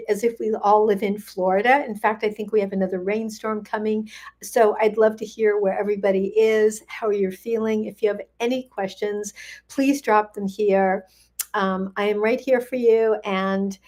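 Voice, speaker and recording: A chatty older woman hosts a casual livestream. She greets viewers one by one in a friendly, rambling way with plenty of ums. Her voice sits a little high. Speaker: gut health coach, livestream host.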